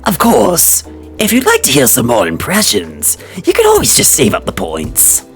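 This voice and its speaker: A woman putting on a deep-voiced alter ego with a smooth, teasing delivery. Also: wildly swooping pitch, normal speed, faint music behind, full character voice.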